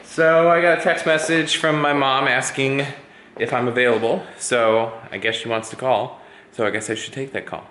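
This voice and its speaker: Bright-voiced, tired male vlogger. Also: medium pitch. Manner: rambling, easygoing, talks to his cat. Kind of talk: casual vlog chatter. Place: cold, drafty house at home. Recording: echoey room with faint noise.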